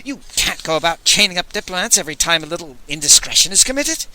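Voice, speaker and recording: Man voicing a pompous, placating ambassador, bright and bouncy. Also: high voice, big pitch swings, quick pace, full character voice, low-quality recording. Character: pompous, smooth-talking male ambassador.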